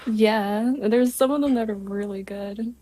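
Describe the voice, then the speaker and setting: A woman guest in casual chat, modest and quick to laugh. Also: medium pitch, steady tone, over a noisy crowd.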